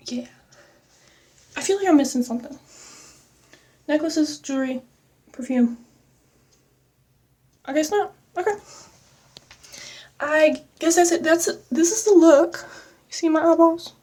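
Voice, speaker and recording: A woman's voice: high voice, a little mellow, distant mic. A woman vlogger chatting casually while getting ready, rambling and self-mocking, slipping into a mock country accent. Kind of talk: casual get-ready-with-me chat.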